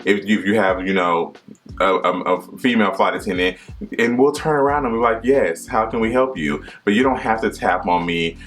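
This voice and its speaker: A man's voice: deep voice, fairly bright tone. A man who works as a flight attendant, giving emphatic, repetitive advice in a casual vlog and sometimes mimicking passengers.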